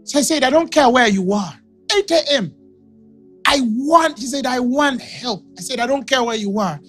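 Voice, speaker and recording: A man with a Ugandan English accent preaching a sermon, shouting and laughing as he acts out conversations with callers. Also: very high voice, lively intonation, normal speed, breathy edge, faint music behind. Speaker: pastor.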